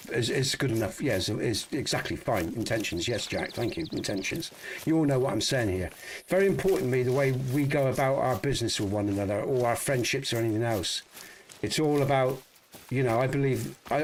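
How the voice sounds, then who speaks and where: A man's voice: medium pitch, slight background noise. A middle-aged man from the UK chatting casually and bluntly while streaming a hunting game, swearing freely and rambling as he thinks aloud. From United Kingdom.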